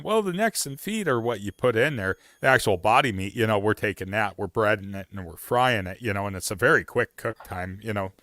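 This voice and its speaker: Male stream host, rambly and casual; bright, crisp tone. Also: on the low side, dry recording, studio quality. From Oregon. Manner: rambling, many fillers and restarts. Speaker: livestream host. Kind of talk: casual outdoors chat.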